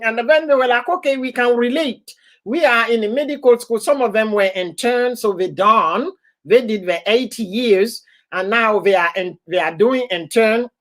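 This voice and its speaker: A woman hosting a casual live stream, laughing often and heartily as she chats and repeats her warm goodbyes and thank-yous. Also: fairly high pitch.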